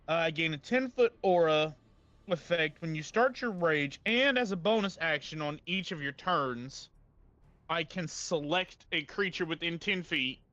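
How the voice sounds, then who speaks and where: A man with a somewhat raised pitch plays his tabletop character, reasoning aloud through rules and damage sums. His voice comes through a dull, lo-fi mic in a dead-dry space. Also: bright, forceful tone, no room sound. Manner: thinks aloud over rules and dice math. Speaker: player. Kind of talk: tabletop game play.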